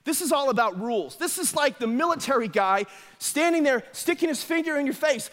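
Energetic male preacher with a high voice, playful storyteller, church hall reverb. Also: brisk. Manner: energetic, animated storytelling with acted quotes. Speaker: pastor. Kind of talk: sermon. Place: church sanctuary.

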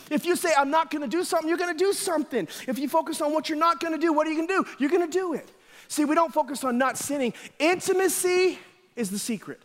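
Energetic male preacher with a high voice, playful storyteller, church hall reverb. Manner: energetic, animated storytelling with acted quotes. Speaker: pastor. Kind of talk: sermon. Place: church sanctuary.

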